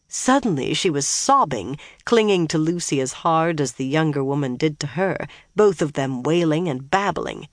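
A steady audiobook narrator reads a fantasy novel with an even, unhurried delivery. The voice sits mid-pitch, neither high nor low. The booth is dead and dry, with no room echo.

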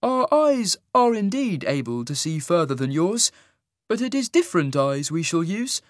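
A man voicing an eerie immortal male adjudicator with a sing-song, slow and serene way of speaking. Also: high voice, no room sound, studio quality, pitched above the performer's own voice. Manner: slow, serene, unsettlingly calm.

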